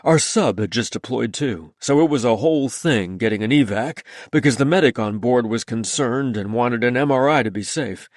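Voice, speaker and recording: A man's voice: mid-range voice, moderate pace, hardly any pauses, dry recording, clean studio sound, close to an everyday voice. A male audiobook narrator voicing a reserved male Navy submarine chief who answers in clipped, terse lines. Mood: matter-of-fact.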